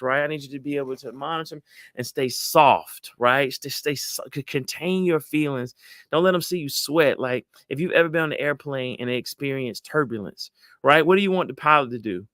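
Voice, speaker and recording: A middle-aged man, giving lively motivational advice to an audience and acting out voices. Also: a little high, no room sound, studio quality. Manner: animated, acts out quoted voices, addresses audience as y'all. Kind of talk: motivational talk to a live audience.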